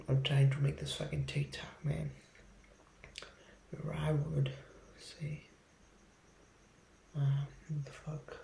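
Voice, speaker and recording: A young Indian man with a gravelly, mellow voice rambles through a nervous, profane solo podcast. He is recorded without a proper microphone in a roomy space, with a faint hum behind him. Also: fairly high pitch. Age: young adult. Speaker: podcast host. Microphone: phone or built-in mic, no microphone.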